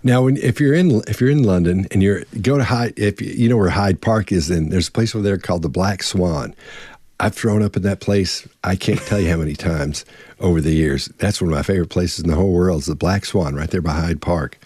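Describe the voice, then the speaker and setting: A middle-aged man co-hosting a live online Q&A, telling a long story in a rambling, animated way and acting out the voices of the people in it. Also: low voice, a little fast, husky, no echo. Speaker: co-host answering member questions. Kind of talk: casual storytelling chat. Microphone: online live stream.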